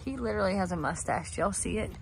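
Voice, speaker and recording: A woman speaks in a gentle, cooing voice, soothing an animal in a casual outdoor vlog. Her pitch sits in the middle range and her talk stays soft and tender. Faint farm sounds hiss quietly behind her. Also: lively intonation, fast talker, rough recording. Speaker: vlogger, pet owner. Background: faint farm ambience, geese and rain.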